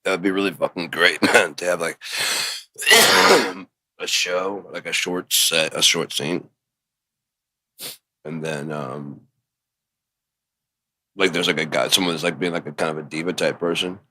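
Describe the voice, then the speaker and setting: A man riffing through a rambling comic monologue, swearing freely, laughing at his own ideas and dropping to a low mumble as he thinks aloud. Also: animated, unhurried, pauses often. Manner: drops to a quiet mumble while thinking aloud. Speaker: channel host.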